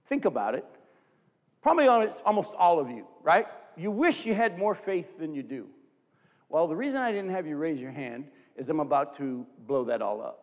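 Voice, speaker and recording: High-voiced male preacher in a reverberant hall. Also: moderate pace. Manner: animated, acts out scripture quotes for the congregation. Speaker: pastor. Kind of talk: sermon.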